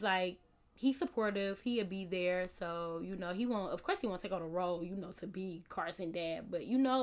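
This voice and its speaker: Young woman, casual vlog chat, rambling, lots of fillers. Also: mid-range voice. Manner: rambling, many "like" and "you know" fillers. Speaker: vlogger.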